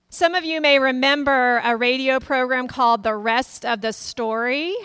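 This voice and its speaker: A woman's voice: sits high, normal speed, hardly any pauses, a bit bright, clean tone, dry recording. A middle-aged woman pastor giving a sermon in a storytelling manner, acting out the voices in the stories she tells. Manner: storytelling, acts out quoted voices.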